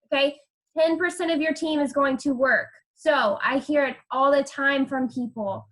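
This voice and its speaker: High-voiced emphatic woman coaching. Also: a little slow, fairly bright tone. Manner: emphatic, repeats "okay?" for stress. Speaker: team leader on a group call. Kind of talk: coaching talk.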